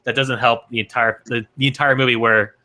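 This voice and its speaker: A man's voice: mid-range voice, little pitch movement, fairly quick, sharp tone. A man co-hosting a casual movie review chat, rambling and restarting his sentences often. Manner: rambling, lots of fillers and restarts. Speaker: podcast co-host.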